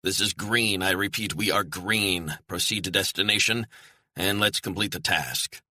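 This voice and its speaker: A man's voice: low-pitched, normal speed, pushed and bright, no echo, exaggerated voice. A man voicing a terse mission handler giving clipped orders over an earpiece in an audiobook. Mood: commanding. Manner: clipped, commanding, radio-style orders. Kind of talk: audiobook character reading.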